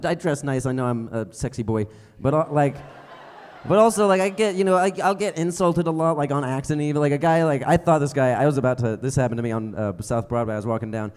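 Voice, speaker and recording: A man's voice: medium pitch, darkish tone, clear, resonant tone, big-room sound. A young adult man doing a stand-up comedy set on a theater stage, rambling and self-mocking, with many fillers. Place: theater stage before a live audience.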